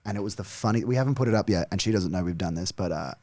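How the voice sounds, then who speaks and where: An Australian comedian chatting as a podcast guest, animated, cursing freely and laughing between lines. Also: male voice, deep voice, racing. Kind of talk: casual podcast chat.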